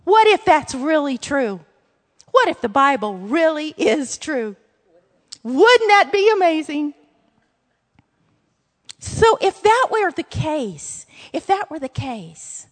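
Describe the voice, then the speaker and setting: A woman with a Louisiana accent teaching a Bible lesson in an earnest, emphatic way, breaking off now and then for quick asides. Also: sits high, big-room sound.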